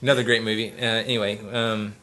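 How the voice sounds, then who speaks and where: A man in easygoing podcast conversation, rambling and jokey. His voice sits fairly low but has a bright, forward edge. He slips into goofy impressions between his trivia. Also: little pitch movement, fast talker, slight background noise. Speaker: podcast host. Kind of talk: casual podcast chat.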